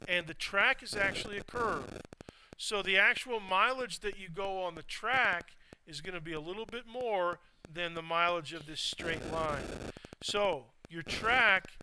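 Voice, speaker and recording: Bright-voiced male physics lecturer. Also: high-pitched, slight background noise, low-quality recording. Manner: talks students through drawing step by step, quizzes the class. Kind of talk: classroom lecture. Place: lecture hall.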